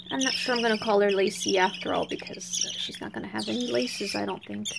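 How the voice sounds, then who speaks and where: A woman's voice: on the high side, gravelly, very noisy. A woman filming her pet budgies at home, chatting casually and coaxing the birds in a soothing voice. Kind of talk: casual home vlog narration.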